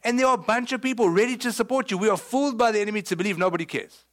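A man with a South African accent preaching a sermon, retelling scripture in a lively, humorous way and acting out the quotes. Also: high voice, very fast. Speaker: pastor.

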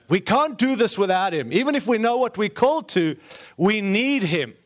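A middle-aged guest preacher with a mixed Australian and American accent speaks in a fairly high voice. His sermon is earnest, broken by small jokes, and he repeats phrases to drive them home. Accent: Australian-American mix. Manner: earnest, jokey asides, repeats phrases for emphasis.

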